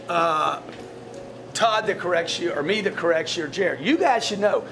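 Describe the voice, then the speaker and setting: A man's voice: high-pitched, animated, normal speed, fairly bright tone, faint music behind. A man coaching his sales staff in a live group session, blunt and profane, often repeating words as he restarts a thought. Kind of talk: blunt motivational coaching talk to a team.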